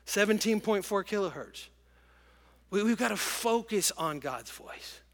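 A middle-aged man preaching a sermon to a congregation, telling stories in an animated, emotional way. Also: high voice, measured pace. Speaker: pastor. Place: large church auditorium with congregation. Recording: long church hall reverb.

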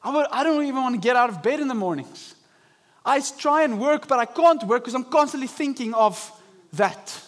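Young male pastor, high-pitched, animated sermon delivery. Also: a little fast. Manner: animated preaching, acting out inner voices. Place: church service.

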